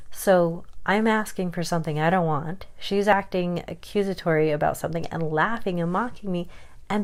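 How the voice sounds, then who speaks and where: A woman's voice: lowish voice, darkish tone. A woman frankly venting about being dismissed, heated and self-conscious in turn. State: chronically ill. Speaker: vlogger. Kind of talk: personal rant to camera.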